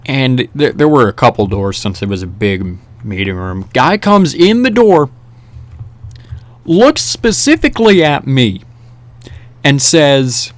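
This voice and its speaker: A man's voice: mid-range voice, moderate pace, no room sound. Rambling young man telling a story. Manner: rambling, animated, many restarts and fillers. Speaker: vlogger. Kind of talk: casual storytelling over gameplay.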